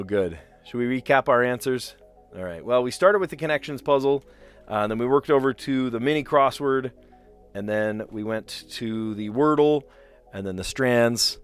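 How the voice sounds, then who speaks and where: A man with a light New Jersey accent hosting a live stream of word puzzles, chatting casually and rambling with frequent laughs. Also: mid-range voice. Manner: chatty and rambling, laughs often, reads chat aloud.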